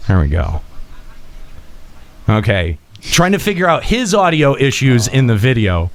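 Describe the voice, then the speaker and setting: A man's voice: medium pitch, sing-song. A man co-hosting a gaming podcast, chiming in playfully during casual banter. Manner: playful, quick to laugh and chime in. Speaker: podcast co-host.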